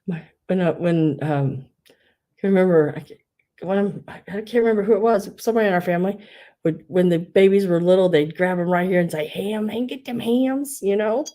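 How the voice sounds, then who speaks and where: A woman's voice: on the low side, a little fast, warm tone. A middle-aged woman hosting a live online sale, gushing over collectible figurines and reading out bids in a chatty way. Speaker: live online auction seller. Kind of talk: live-stream sale chat.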